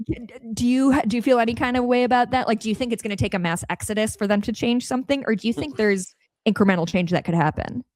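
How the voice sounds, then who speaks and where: A woman hosting a podcast interview, blunt and outspoken, calling herself a yeller. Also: fairly high pitch, quick pace, dry recording. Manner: blunt, self-described yeller, casual swearing. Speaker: podcast host. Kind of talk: conversational interview.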